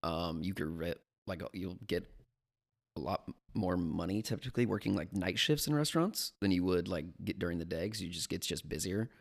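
A man chatting easily about acting and restaurant work. His voice is low and gravelly with fry. He speaks in a calm, thoughtful way. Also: brisk. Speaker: actor and restaurant worker. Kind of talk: casual chat.

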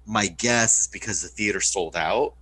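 Male co-host, bright and forceful tone, lowish pitch, rambling, swears freely. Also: normal speed, breathy edge, poor audio. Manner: loose, profanity-laced, many filler "like"s. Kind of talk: casual podcast chat.

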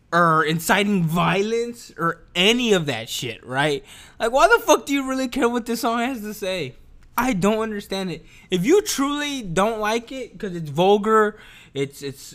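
Young male commentator, cursing slangy rant, high and lively voice. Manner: profane, animated, repeats himself, slangy. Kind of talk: casual opinion rant.

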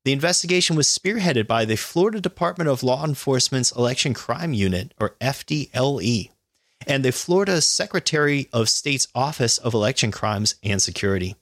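A man's voice: medium pitch, expressive, fairly quick, a bit bright, no room sound, clean studio sound. A man co-hosting a podcast, reading news stories aloud and adding sarcastic, profane comments and laughs. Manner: sarcastic, laughs often, swears.

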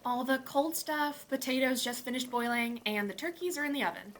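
A woman acting a mother who runs the household, brisk and bossy with her family. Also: sits high, fairly bright tone, a little hiss or hum. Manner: brisk, bossy, then tearful. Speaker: mother hosting family holiday. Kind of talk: scripted family drama acting.

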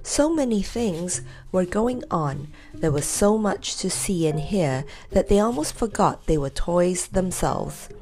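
A woman reading a children's storybook aloud in an expressive, gentle way. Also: fairly low pitch, measured pace.

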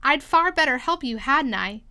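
A woman voicing a curious, polite little girl in a storybook, gentle and eager. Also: sits high, animated, moderate pace, exaggerated voice.

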